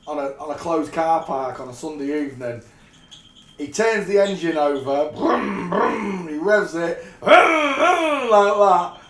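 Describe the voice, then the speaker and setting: Guy rambling thru funny stories, kinda high voice, cracks up a lot, echoey room. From England. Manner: rambling, often breaks into laughter. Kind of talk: casual anecdote storytelling. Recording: roomy echo.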